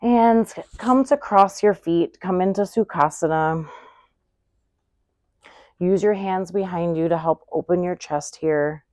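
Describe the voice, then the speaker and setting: A woman yoga instructor giving calm, unhurried cues for poses and breathing. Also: on the low side, no room sound. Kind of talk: guided yoga class instruction.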